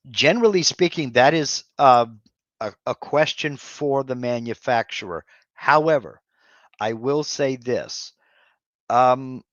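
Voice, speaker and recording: A man answers viewer questions on a live stream at an unhurried, halting pace, dotting his sentences with fillers and restarts. His mid-pitched voice comes through a dull, slightly muffled mic with a dry, close sound. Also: a bit bright, dry recording. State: has hiccups.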